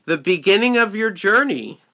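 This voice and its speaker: A man running a tabletop game as game master, narrating in a lively way with hesitant restarts. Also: high voice, normal speed, a little hiss or hum.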